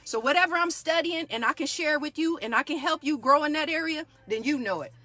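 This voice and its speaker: A woman's voice: sits high, animated, brisk, pushed and bright, no room sound, faint music behind. Fired-up woman preaching to her viewers. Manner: fired-up, preachy, keeps asking "do y'all hear me". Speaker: yoga teacher. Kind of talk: motivational live talk.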